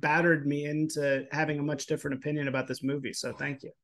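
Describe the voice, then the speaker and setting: A man's voice: fairly high pitch, little pitch movement, fairly bright tone. A man hosting a casual podcast interview, agreeable and encouraging toward his guest. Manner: agreeable, quick to say "totally agree". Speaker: podcast host.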